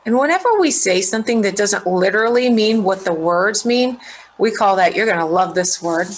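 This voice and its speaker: A middle-aged woman teacher giving a recorded lesson, explaining clearly and checking in with students. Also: mid-range voice, normal speed, a little hiss or hum, low-quality recording.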